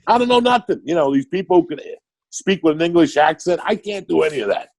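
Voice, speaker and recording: An older Cuban-born man raised in New York City guests on a podcast as a comedian, telling stories in a profane, excitable chat with a New York accent. His voice runs high and fast, with vocal fry.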